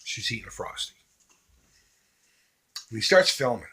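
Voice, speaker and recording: Vlogger, middle-aged man, lively earnest charity plea, husky bright tone. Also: medium pitch, moderate pace. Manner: earnest, emphatic, swings between loud and hushed. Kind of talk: heartfelt charity appeal to viewers.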